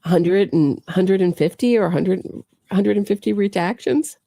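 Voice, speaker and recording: A woman's voice: medium pitch, measured pace, creaky, warm tone, dry recording, clean studio sound. A woman hosting a true crime show, giving sarcastic, incredulous commentary full of pointed questions. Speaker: true crime podcast host.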